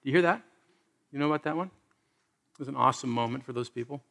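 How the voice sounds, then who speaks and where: A man's voice: mid-range voice, fast talker, creaky, fairly bright tone. A man preaching a sermon in a conversational way, asking the listeners questions and laughing often. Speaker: pastor.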